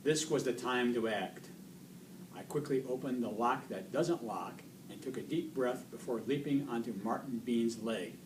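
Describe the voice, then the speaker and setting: A man reading a children's book aloud in an expressive storytelling voice. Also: mid-range voice, moderate pace. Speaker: reader. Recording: distant mic, faint noise.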